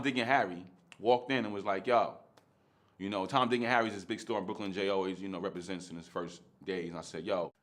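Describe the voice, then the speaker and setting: A man's voice: sits low, fairly bright tone. A man, telling a story in casual, slangy street talk and laughing often.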